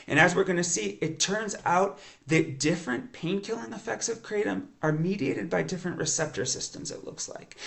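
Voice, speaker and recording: A man teaching science in an eager, conversational lecture, explaining as he goes and often restarting his sentences. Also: fairly high pitch. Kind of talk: educational lecture monologue.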